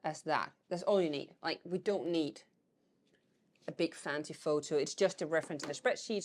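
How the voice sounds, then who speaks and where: A woman's voice: deep voice, slight background noise. A woman vlogging about reselling vintage decor, chatting casually and thinking aloud as she goes. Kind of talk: casual vlog chat.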